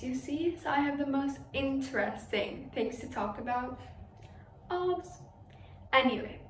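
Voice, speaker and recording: Brief: teen actress as a chatty teenage girl, high bright voice, stage monologue, distant mic in a roomy hall with faint ambient noise. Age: teens. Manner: giggly, gossipy storytelling. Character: chatty teenage girl amused by her family. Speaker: student actor. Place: school stage.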